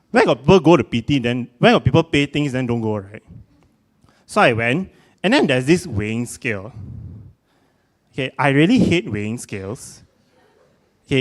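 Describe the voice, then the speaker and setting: Animated Singaporean man, lively pitch. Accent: Singaporean English. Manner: animated, self-mocking, exclamatory. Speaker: performer. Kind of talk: comic spoken-word performance.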